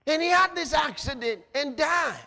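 A male preacher with a very high, animated voice delivers a dramatic sermon, swinging between hushed and shouted passages. His tone is bright and sharp, and a long reverb hangs on each line like a large hall. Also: normal speed.

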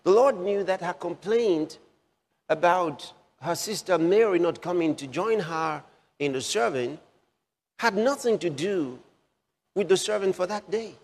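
A man preaching a sermon, slow and repetitive, with emphatic rises on key phrases. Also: high voice, animated. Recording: long hall reverb.

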